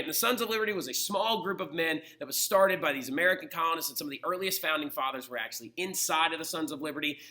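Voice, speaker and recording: Male teacher, casual lecture; high, very bright voice; chatty, keeps checking in with "right?".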